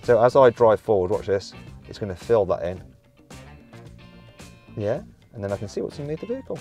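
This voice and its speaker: A man's voice: fairly low pitch, very animated, brisk, warm tone, soft background music. A man from the English Midlands with a British accent, presenting a car review in an upbeat, playful, chatty way. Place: in and around a car.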